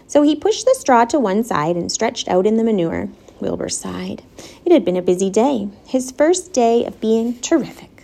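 A woman reads a children's storybook aloud, expressive and measured. Her voice is fairly high and moves through a wide, lively pitch range. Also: vocal fry. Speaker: narrator. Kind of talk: storybook reading.

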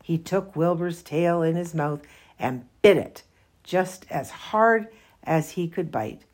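Woman narrator for a children's book reading, slow and careful, lowish voice. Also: darkish tone. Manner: slow, careful read-aloud. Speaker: reader. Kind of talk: reading a children's novel aloud.

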